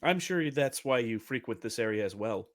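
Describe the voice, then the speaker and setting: A man voicing a formal, solemn warforged servant who speaks in a stiff, halting way. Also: medium pitch, animated, natural voice.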